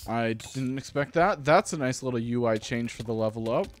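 A man hosting a gaming channel, giving rambling, self-deprecating let's-play commentary with sudden excited outbursts. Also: mid-range voice, normal speed, slight background noise.

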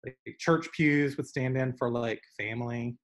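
A young man with a Southern accent, chatting over a video call in an animated, storytelling way. His voice sits at an ordinary middle pitch, and his talk is loose, full of "like" and quick asides. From American South. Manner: animated storyteller, many fillers. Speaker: artist guest. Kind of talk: casual conversation.

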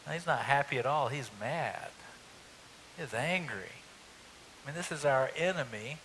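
A man delivers a sermon as pastor, retelling the story with a bright, forceful voice and friendly rhetorical questions. The sound carries a long reverb of a church hall. A faint hiss runs beneath it. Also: medium pitch, animated, normal speed. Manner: conversational storytelling, rhetorical asides. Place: church sanctuary.

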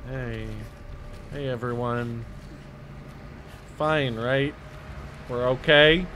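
A man commentating his own horror game playthrough, excitable and jokey, swearing freely and talking to himself. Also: mid-range voice, drawn-out words, background noise. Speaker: gaming streamer. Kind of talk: let's-play commentary. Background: game music and sounds.

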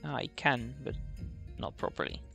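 Gravelly, animated gaming commentator, a man. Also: medium pitch, moderate pace, soft background music. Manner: thinking aloud, repeats "okay" a lot. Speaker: gaming channel host. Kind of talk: casual let's-play commentary.

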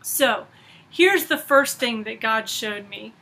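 A woman giving an earnest, storytelling faith talk, often letting her phrases trail off softly. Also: a little high, lively intonation, slow. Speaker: conference speaker.

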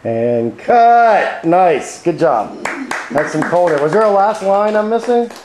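Brisk man calling action in an echoey room. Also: high-pitched, lively intonation, background noise. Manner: brisk, encouraging director's calls. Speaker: acting coach directing a scene. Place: echoey studio kitchen. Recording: echoey room with a small crowd.

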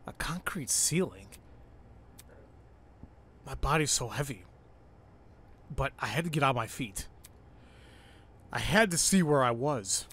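A man hosting a let's play, reading a visual novel aloud with excitable, cursing commentary. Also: medium pitch, measured pace, long pauses, slight background noise. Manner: excitable, swears and exclaims at the game.

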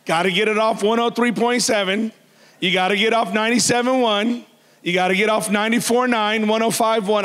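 A man preaching a sermon as pastor, loud and animated, joking with the congregation. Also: high voice, long reverb tail. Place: church hall.

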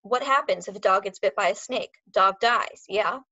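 A furious German-accented dog trainer man, loud and raised in pitch, spitting broken English, as a woman reads him aloud. The sound is dry and a little muffled. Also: normal speed, breathy edge, dry recording, heavily acted.

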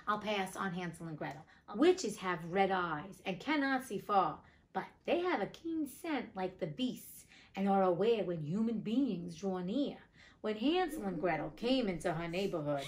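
A woman's voice: lowish voice, lively intonation, normal speed. Woman reading a fairy tale with jokey asides. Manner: joking, chatty commentary between read passages. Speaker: audiobook reader.

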